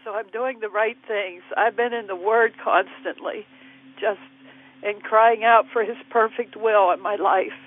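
A woman's voice: mid-range voice, steady tone, a little slow. A woman in her sixties calling a radio show, speaking hesitantly and from the heart. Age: 60s. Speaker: caller. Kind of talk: call-in conversation. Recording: tinny phone line.

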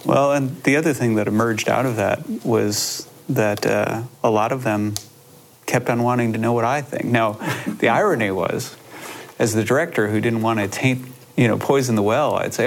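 Man, low gravelly voice, reflective and halting guest; faint background hiss. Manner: reflective, halting, many restarts. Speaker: filmmaker guest. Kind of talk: conversational interview.

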